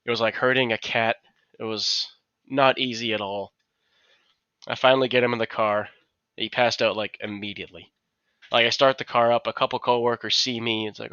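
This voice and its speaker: A man's voice: medium pitch, fairly quick, clear, resonant tone, no room sound, lo-fi sound. A man on a podcast, telling a story casually and acting out what his coworkers said. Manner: animated, acts out quotes of coworkers. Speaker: podcast co-host.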